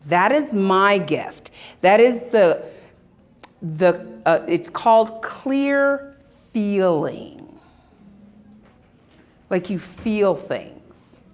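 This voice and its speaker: Unhurried, animated woman speaker. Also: mid-range voice. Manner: animated storytelling, acting out scenes. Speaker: spiritual workshop speaker. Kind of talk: live talk to an audience. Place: expo hall.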